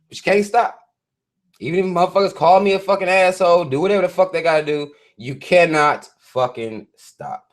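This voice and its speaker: A man with a fairly high speaking voice hosts a live stream, reading memes aloud and picking them apart. He rants bluntly and swears constantly in loose, offhand commentary. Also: a little fast. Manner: blunt, heavily profane ranting; reads memes and articles aloud to viewers.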